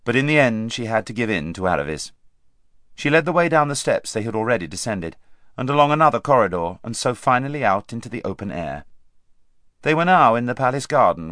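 A man reading a storybook aloud as an audiobook narrator, measured and expressive. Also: lowish voice, no room sound. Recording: dry close studio sound.

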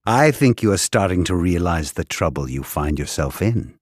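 A man puts on a sadistic prison warden in an audiobook, his voice very deep and husky with wide, swooping inflection. He taunts his captive slowly and gloatingly, every word dripping with cruelty. The recording is dry and close. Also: huge pitch swings, no echo, heavily acted. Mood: ranting. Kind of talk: audiobook character voice.

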